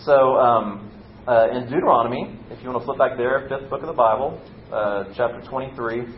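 A male pastor gives a relaxed, conversational sermon, retelling a story and slipping into the characters' lines. His voice sits in a middle register. The recording is roomy and a little dull, with a faint rumble underneath. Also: fairly quick. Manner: casual, storytelling, acts out quotes lightly.

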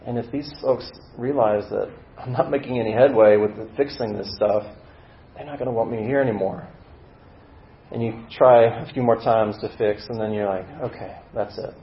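A man with a medium-pitched voice and moderate pace preaches his sermon as a vivid story, acting out the scenes with dramatic swings in volume. The recording sounds roomy and slightly dull.

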